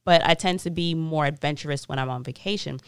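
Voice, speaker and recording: Smooth-voiced animated woman host. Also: low voice, fast talker, no room sound, studio quality. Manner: animated, blunt, casually swearing. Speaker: podcast host. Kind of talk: casual interview chat.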